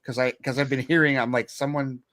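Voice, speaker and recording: A man co-hosting a casual film chat, animated, stammering as he restarts. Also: medium pitch, brisk, no echo.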